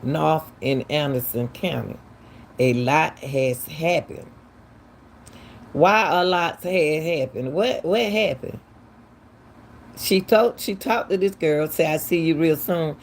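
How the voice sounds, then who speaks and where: A woman's voice: low voice, slow, a little hiss or hum. A woman, hosting casual true-crime commentary, talking emphatically and firing off repeated, incredulous questions. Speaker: commentary channel host.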